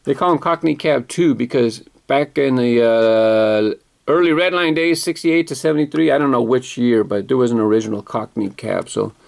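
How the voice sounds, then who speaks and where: Gravelly-voiced man chatting about collectibles. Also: mid-range voice, normal speed, a little mellow. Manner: chatty, self-correcting, enthusiastic about details. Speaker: toy car collector vlogger. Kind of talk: casual unboxing commentary.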